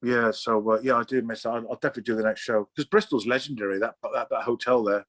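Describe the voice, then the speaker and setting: A man's voice: medium pitch, steady tone, fast, fairly bright tone, no echo. A middle-aged man from Oxfordshire, a comic artist chatting as an interview guest, rambling and swearing freely with many restarts. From Oxfordshire, England. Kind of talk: casual interview chat.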